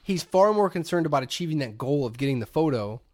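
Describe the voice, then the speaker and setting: Man, 30s, podcast co-host, fast, animated storyteller, dry close sound. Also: a little high, no echo. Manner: animated, laughing storyteller, swears freely. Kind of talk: casual chat, storytelling.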